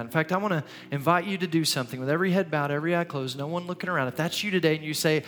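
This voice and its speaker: A man's voice: on the high side, racing, hardly any pauses. A man preaching as a pastor in a church, earnest and urging, often repeating his phrases. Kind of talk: sermon. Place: church sanctuary. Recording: long hall reverb, soft music.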